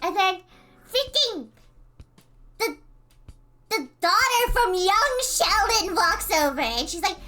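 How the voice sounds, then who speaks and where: A woman streamer casually retelling a story in an animated way, full of fillers and quick laughs. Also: very high-pitched.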